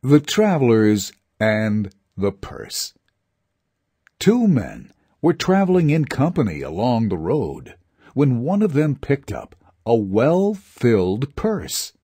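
A man narrating fables for children in a measured, expressive storytelling voice. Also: mid-range voice, husky, dry recording, clean studio sound.

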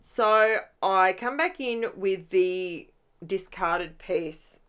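A woman with an Australian accent, chatting through a voiceover of her own scrapbooking process in a lively, animated way. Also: medium pitch, drawn-out words, clear, resonant tone. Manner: chatty and animated, with rising exclamations and laughs. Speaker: scrapbooking channel host. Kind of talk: voiceover narration of a crafting process.

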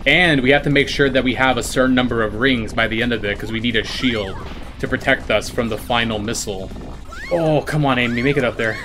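A man giving excited commentary while playing a video game, swinging between calm explanation and shrieking, laughing panic, swearing a lot and boasting jokingly. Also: mid-range voice, a little fast, music in the background. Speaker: gaming YouTuber.

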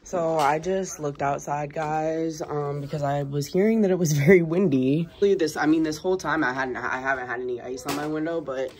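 Chatty young mom vlogging at home. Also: female voice, low voice, moderate pace, a little mellow, a little hiss or hum. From United States. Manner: chatty, often says "guys". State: low, emotional, near tears. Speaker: vlogger, single mother. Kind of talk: casual day-in-the-life vlog. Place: apartment at home, indoors.

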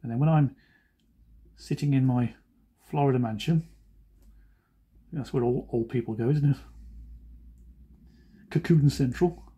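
A man's voice: medium pitch, a little slow, pauses often, mellow, breathy edge. A man who is a cartoonist, talking casually while he draws and making joking, self-deprecating asides. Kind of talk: chatty drawing commentary.

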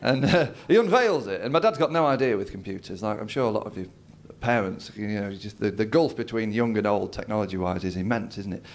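On stage before a live comedy crowd, a man with a lowish voice tells a story fairly quickly, barely pausing. He acts out other people's lines, his dad's among them, over slight background noise.

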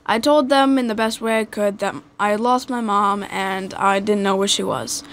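A woman's voice: medium pitch, fairly even intonation, normal speed. A teenage girl telling a personal story in a casual podcast chat, hesitant with many fillers. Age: teens. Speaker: podcast guest.

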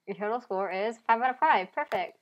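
A woman voicing a peppy talking dog who teaches at a culinary school, announcing quizzes with bright exclamations. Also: mid-range voice, lively intonation, a little fast, dull audio, lightly acted.

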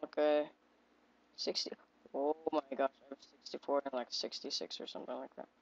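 Excitable woman commenting on a game. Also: a bass voice, fairly quick, vocal fry, slight background noise. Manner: excitable, repeats short exclamations while playing. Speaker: gaming video creator. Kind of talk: casual gameplay commentary. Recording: dull lo-fi home mic.

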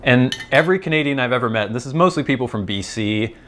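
A man's voice: mid-range voice, expressive, fast talker, fairly bright tone. An American man hosting his channel, talking in a chatty, digressive, amused way. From United States. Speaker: host. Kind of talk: casual rambling monologue.

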